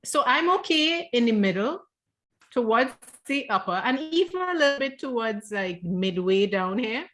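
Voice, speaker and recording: A woman's voice: fairly high pitch, animated, normal speed, fairly bright tone. A woman from South Trinidad with a Trinidadian accent, an author talking casually and animatedly, often restarting and repeating words. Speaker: author guest. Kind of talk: casual conversation.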